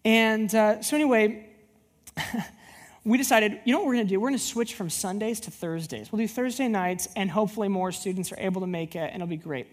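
A woman youth pastor giving a sermon, telling personal stories and acting out the dialogue. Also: mid-range voice. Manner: animated storyteller who acts out dialogue.

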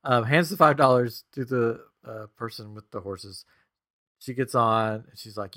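A man in his thirties, a podcast co-host, telling an animated family story in casual chat, chuckling often and acting out the quotes. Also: medium pitch, moderate pace.

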